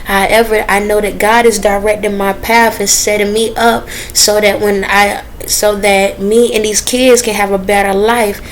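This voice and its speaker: A woman talking straight to her viewers in a casual, earnest and preachy way, with relaxed dialect grammar. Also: mid-range voice, slight background noise, poor audio. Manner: dialect grammar, drawn-out phrasing. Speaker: vlogger. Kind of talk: casual direct-to-camera talk.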